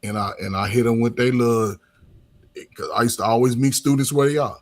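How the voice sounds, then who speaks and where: A man's voice: medium pitch, a little fast. A middle-aged man, a coach and former teacher, talking loosely in casual conversation with lots of restarts and filler words.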